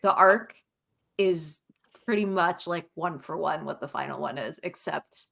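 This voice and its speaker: A woman author answering interview questions in a relaxed, wry way. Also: low-pitched, measured pace, creaky. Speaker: author guest.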